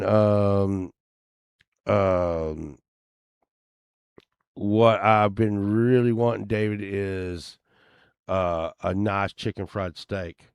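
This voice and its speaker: A man's voice: fairly low pitch, drawn-out words, long pauses, clear, resonant tone, dry recording, studio quality. A man rambling casually as he browses items online, grumbling and swearing now and then. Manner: meandering, grumbling asides, occasional swearing. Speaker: vlogger.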